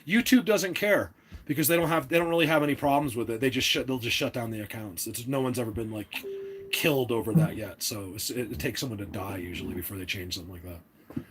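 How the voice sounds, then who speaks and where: A man's voice: mid-range voice, quick pace, a bit bright, slight background noise. A man hosting a casual livestream, talking to his chat in an opinionated, rambling way with many restarts. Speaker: livestream host.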